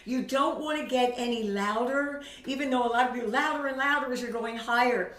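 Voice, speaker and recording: A woman vocal coach leading a warm-up lesson, coaxing her students and singing scales to show them how it's done. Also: on the high side, brisk, distant mic. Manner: coaxing, sings demo scales between spoken tips. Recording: echoey room, voice from off the mic, loud piano. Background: piano accompaniment.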